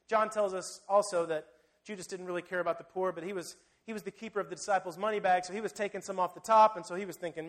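A male preacher with a notably high voice, delivering a sermon in a casual, conversational style. He speaks straight to his listeners with lively, animated emphasis. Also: fast talker.

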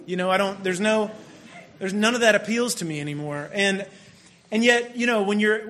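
A man's voice: high-pitched, fairly bright tone, a little hiss or hum. A man in his thirties giving a conversational, self-deprecating sermon built on a family story. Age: 30s. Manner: conversational and self-deprecating, many restarts and asides. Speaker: pastor.

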